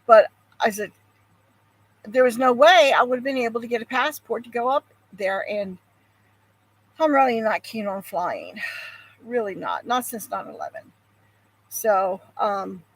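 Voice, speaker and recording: A woman's voice: fairly high pitch, a little slow, long pauses, slightly rough, low-quality recording. An older woman hosting a homestead channel, chatting casually with viewers in a rambling way, with frequent ums and sighs. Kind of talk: casual chat, answering viewers.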